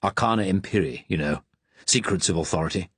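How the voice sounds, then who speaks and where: A man's voice: low-pitched, brisk, fairly bright tone, slightly rough, no room sound, full character voice. A man voicing a smug, self-important senior official who speaks in a dry, confiding way. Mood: knowing.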